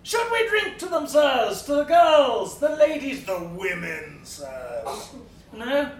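Brief: male actor as a drunken middle-aged Georgian gentleman, theatrical monologue swinging wildly in pitch, faint background noise. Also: big pitch swings, slow, heavily acted. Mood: boisterous. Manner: theatrical, swinging between bluster and hushed brooding. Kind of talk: dramatic monologue. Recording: roomy, distant mic.

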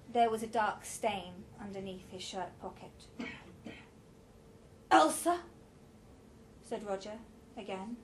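A woman's voice: fairly high pitch, slight background noise. A woman reading a story aloud with a dramatic, varied delivery.

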